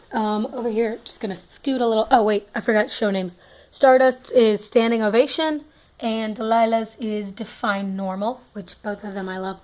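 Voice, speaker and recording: Young woman, casual tour narration, chatty and rambling with lots of fillers and restarts. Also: medium pitch. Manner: chatty, rambling, many fillers and self-corrections. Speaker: toy horse collector giving a barn tour.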